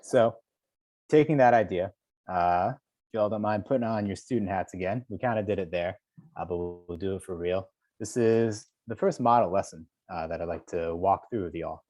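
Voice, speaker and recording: A man's voice: low-pitched, moderate pace, a little mellow, no room sound. A man, a poet, leading a virtual workshop for teachers over a video call, encouraging them and counting beats aloud.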